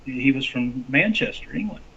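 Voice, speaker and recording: In dull, lo-fi audio, a congressional candidate from Arkansas recounts a story in relaxed interview talk, lively but full of restarts. His mid-range voice is creaky with a breathy edge and moves at normal speed.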